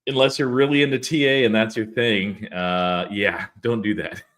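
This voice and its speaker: A man co-hosting a casual stock-market livestream, relaxed and dry, laughing often. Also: on the low side, moderate pace. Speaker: co-host of a stock market stream.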